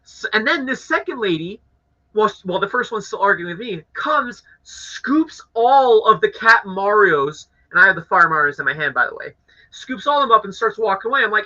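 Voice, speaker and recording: A young man from Canada hosting a live stream, telling an annoyed story to his chat in a casual, animated way with swearing. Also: high voice, a little fast. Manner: animated, swearing, acts out angry voices. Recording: dull lo-fi audio.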